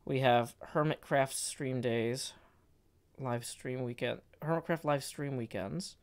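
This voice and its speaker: A man's voice: medium pitch, slow, clean tone. A man reading poetry aloud and chatting on his live stream, with careful stress on the words and frequent hesitant fillers.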